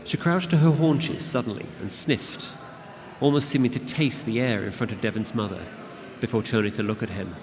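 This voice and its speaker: A man reading his fantasy novel aloud to an audience at a convention, in a steady, measured narration. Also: medium pitch. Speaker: author reading his book. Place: convention event room. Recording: long hall reverb with audience.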